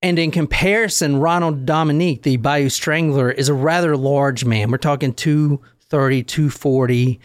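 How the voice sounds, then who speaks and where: A man's voice: on the high side, moderate pace, few pauses, no echo. A man hosting a casual podcast, telling a story in a loose, profane, joking way. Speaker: podcast host.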